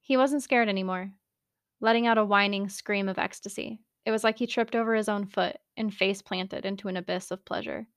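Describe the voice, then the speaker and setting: A woman narrating a story in a soft, even storytelling voice. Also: mid-range voice, fairly quick, dry recording, clean studio sound.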